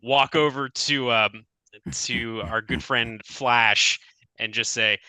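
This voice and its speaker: A man's voice: medium pitch, steady tone, slow pace, sharp tone, clean tone, no echo. A man playing a tabletop game, describing his character in a rambling, hesitant way with many fillers. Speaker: tabletop player. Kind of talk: casual tabletop role-play.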